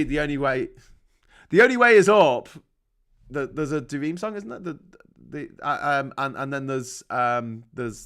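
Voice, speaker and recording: A man from the North of England, ranting casually and sarcastically on a live stream, swearing a lot and rambling. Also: medium pitch.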